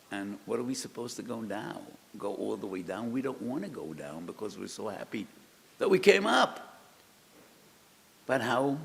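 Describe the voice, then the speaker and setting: An older man delivers a sermon-style lecture in a slow, gravelly low voice. His carry a sound. The recording has a long reverb and a faint hiss behind it. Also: a bit bright. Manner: slow, storytelling delivery that rises to cries in acted pleas. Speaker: rabbi giving a weekly lecture.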